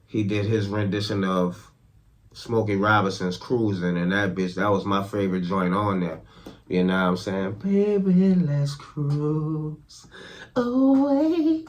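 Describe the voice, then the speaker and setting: A man hosting his podcast, with a slightly low voice. He talks in loose, slangy commentary and keeps asking the listener if they follow. His thoughts ramble and restart as he goes. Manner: loose and slangy, with constant check-ins to the listener. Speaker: podcast host. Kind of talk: casual news commentary.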